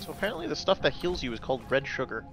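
A man's voice: medium pitch, wildly swooping pitch, very fast, creaky, fairly bright tone, soft background music. A man chatting casually while gaming, dry and teasing. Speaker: gamer in a voice chat.

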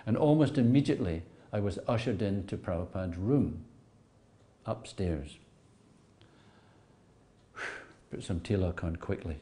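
Man, low mellow voice, reflective storyteller, hesitant repeats, soft asides. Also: expressive, measured pace, long pauses. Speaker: interviewee recalling memories.

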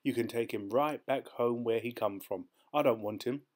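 A man voicing a brisk, cocky male dog-race organiser in an audiobook, speaking curtly and dismissively. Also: medium pitch, lightly acted. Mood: brusque. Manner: curt, dismissive, sharp and loud. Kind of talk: audiobook character voice.

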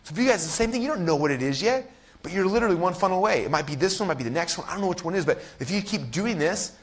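A man in his thirties teaching an online marketing workshop. He talks excitedly, keeps asking "right?" and acts out other people's voices. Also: high-pitched, rapid-fire.

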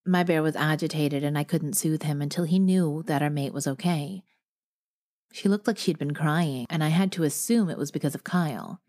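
A woman narrating a romance audiobook in a steady first-person storytelling manner. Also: low-pitched. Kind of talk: scripted narration.

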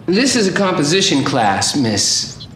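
A stiff, formal English teacher. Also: male voice, a little high, sing-song, a little slow, a bit bright, roomy sound, recorded from a distance, a little hiss or hum. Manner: formal, clipped roll-call delivery. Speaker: high school English teacher.

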